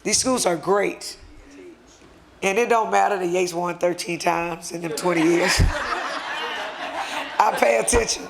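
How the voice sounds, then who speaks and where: A man's voice: high-pitched, unhurried, creaky, pauses often. A man giving an impassioned, emotional speech at a luncheon, speaking in a fervent, conversational way as he presents a certificate.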